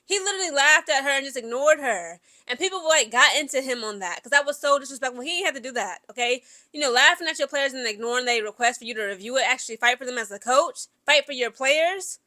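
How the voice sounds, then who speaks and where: High bright-voiced woman sports vlogger. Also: animated, quick pace, few pauses. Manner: chatty, keeps asking "okay?" and addresses viewers directly; opinionated and emphatic. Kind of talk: casual sports gossip commentary.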